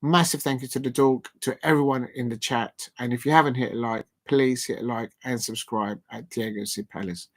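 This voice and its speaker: A man's voice: medium pitch, fairly even intonation, fairly quick, hardly any pauses. A man hosting a live stream in a casual, playful way, repeating catchphrases and chuckling to himself.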